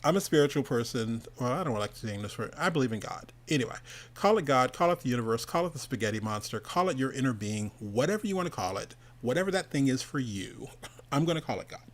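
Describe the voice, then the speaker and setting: A middle-aged man spins a loose, casual story as the host of an online event, interrupting himself constantly and breaking into chuckles. He acts out the people in it with quick shifts of voice. His pitch sits in an ordinary middle range. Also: animated. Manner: rambling, self-interrupting, laughs often, quotes people in changing voices. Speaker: host of an online animation summit.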